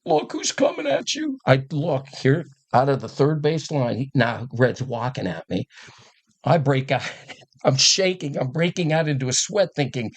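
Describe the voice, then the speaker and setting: An older man with a husky, slightly breathy voice recounts old coaching stories in a relaxed podcast conversation. He talks casually and acts out the lines of the people in his stories, laughing as he goes. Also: mid-range voice, measured pace. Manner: animated storyteller who acts out quotes and laughs. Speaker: guest, former coach.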